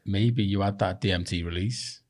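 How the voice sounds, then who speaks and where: A man's voice: low-pitched, moderate pace, a little mellow. A man hosting a podcast who chimes in with affirming follow-up questions in casual conversation. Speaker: podcast host.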